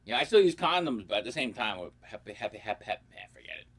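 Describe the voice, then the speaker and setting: A man with a bright, forceful voice spins crude stories straight to camera. His talk rambles and swears freely, always angling for the next joke. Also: lowish voice, big pitch swings, brisk, gravelly. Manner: rambling, profane, joking. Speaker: comedy vlogger. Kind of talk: crude comic storytelling vlog.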